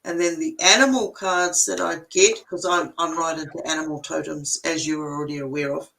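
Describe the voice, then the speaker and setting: A woman's voice: sits low, steady tone, brisk, vocal fry, pushed and bright, rough recording. An older woman giving a casual spiritual card reading, chatty and explaining step by step with everyday examples.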